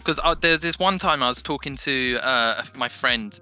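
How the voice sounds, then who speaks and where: Brief: young man on a headset, very bright voice, rambling animated storyteller. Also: medium pitch, normal speed, clear, resonant tone. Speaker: podcast guest. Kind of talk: casual chat.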